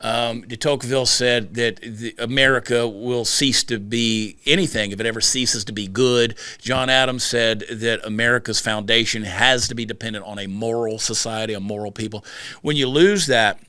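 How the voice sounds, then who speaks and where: A middle-aged man from rural Georgia with a Southern accent, telling stories in a quick, animated way as a podcast guest. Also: medium pitch, clean tone, dry recording. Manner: rapid-fire, animated storytelling. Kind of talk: casual podcast conversation.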